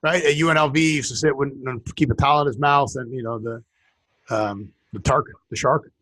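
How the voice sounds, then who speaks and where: A man co-hosting a casual talk show, telling stories in a rambling, animated way. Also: mid-range voice, a little fast. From western United States. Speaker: podcast co-host. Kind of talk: casual chat.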